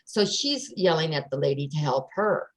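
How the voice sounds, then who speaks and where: A woman in casual chat, telling a personal story in an animated way and acting out the voices of the people in it. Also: sits low, moderate pace, low-quality recording. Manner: animated storyteller, acts out quoted dialogue.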